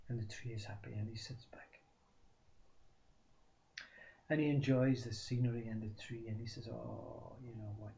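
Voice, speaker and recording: A man telling a story as a spiritual teacher, acting out the dialogue with sudden shifts from loud to whispered. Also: mid-range voice, steady tone, normal speed, creaky, pauses often. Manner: acts out both sides of a dialogue, shifting loudness, drops to whispers. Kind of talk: storytelling talk. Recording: dull lo-fi recording.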